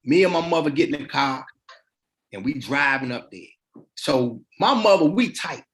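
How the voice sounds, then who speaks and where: On a podcast, a middle-aged male guest tells his life story in relaxed, colloquial street talk, acting out the people he mentions. His voice is fairly high and moves at a moderate pace.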